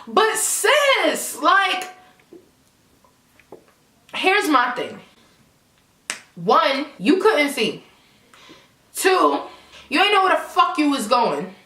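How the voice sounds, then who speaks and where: A young woman telling a casual storytime vlog, animated and profane, full of asides to her viewers. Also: sits high. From New York, Brooklyn. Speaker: vlogger. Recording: echoey room.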